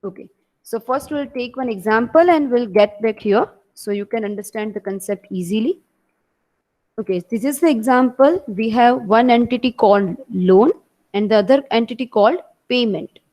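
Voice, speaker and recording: Woman, Indian English accent, online class lecture, fairly high voice, explains slowly and repeats key points. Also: warm tone, low-quality recording. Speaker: teacher.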